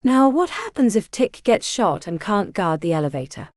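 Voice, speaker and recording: A woman voicing a male team leader drilling his squad with brisk, commanding lines. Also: medium pitch, sing-song, no echo, studio quality, close to an everyday voice.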